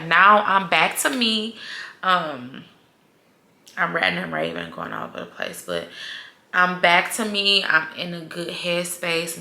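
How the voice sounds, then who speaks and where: Rambling chatty woman with gravelly voice. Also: fairly low pitch, pushed and bright, echoey room. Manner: chatty, rambling, heavy use of "like". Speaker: vlogger. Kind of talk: casual personal vlog talk.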